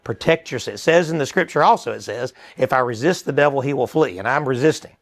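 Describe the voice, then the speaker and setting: A man's voice: mid-range voice, lively intonation, brisk, creaky. A man, a store co-owner giving an earnest, chatty promotional talk that quotes scripture.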